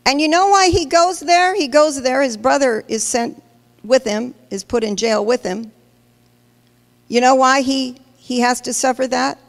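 A woman's voice: high-pitched, unhurried. A woman pastor preaching a sermon, emphatic and questioning the congregation directly. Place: large church hall. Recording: long hall reverb.

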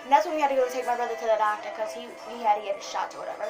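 High-pitched young woman rambling on her vlog, says "like" a lot, music going behind her. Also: racing. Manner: excitable, rambling, lots of "like". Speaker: vlogger. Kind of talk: casual vlog chat.

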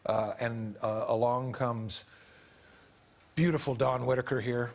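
A man's voice: mid-range voice, fairly even intonation, a little slow, gravelly. A man, an actor guest, talking enthusiastically and jokingly on a chat show.

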